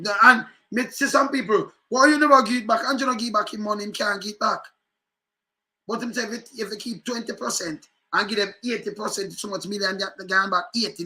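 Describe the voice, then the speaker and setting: A man with a Jamaican accent giving casual, animated commentary on political news clips, often repeating phrases. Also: sits high, a little fast.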